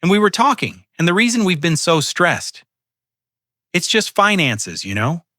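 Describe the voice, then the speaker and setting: A man voicing a pleading adult daughter who puts on a breathy, fake-sweet tone in a storybook narration. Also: high-pitched, sing-song, measured pace, sharp tone, no room sound, clean studio sound, pitched above the performer's own voice, full character voice. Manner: breathy, wheedling.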